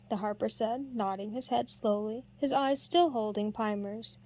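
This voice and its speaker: A woman reading a novel aloud in a steady storytelling narration. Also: fairly high pitch, normal speed, few pauses. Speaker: audiobook reader. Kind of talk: scripted narration.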